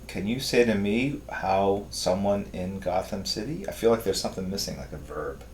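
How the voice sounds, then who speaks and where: A man with an American accent casually chatting on a live stream while he draws, reading viewer comments aloud in a low-key, mumbling way. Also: moderate pace, hardly any pauses, darkish tone, echoey room, slight background noise. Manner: reads viewer comments aloud, laughs often, tries awkward German.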